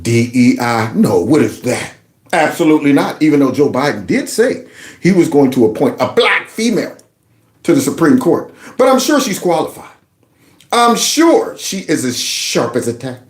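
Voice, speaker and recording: A man giving political commentary over clips, his pitch leaping up and down as he mocks what he hears. He talks casually and sarcastically, in a room with a noticeable echo. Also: moderate pace. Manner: animated, mocking, mimics others in exaggerated voices. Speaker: commentary channel host.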